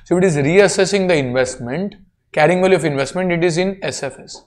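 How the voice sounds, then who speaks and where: A man's voice: sits high, a little fast. Man, Indian accent, lecturer, classroom teaching, explanatory. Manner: explanatory, asks students checking questions. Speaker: accounting lecturer.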